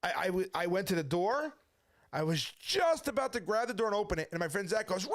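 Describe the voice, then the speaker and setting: A man's voice: high voice, animated, fast. A middle-aged man telling his personal testimony as a story, acting out the voices of the people he quotes. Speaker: testimony speaker.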